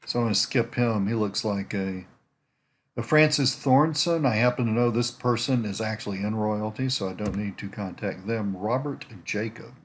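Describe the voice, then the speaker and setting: Rambling man thinking out loud. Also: fairly low pitch, moderate pace. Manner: thinks aloud, rambling with restarts and asides. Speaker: network marketer prospecting on a social site. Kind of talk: casual screen-share commentary. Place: at home in winter.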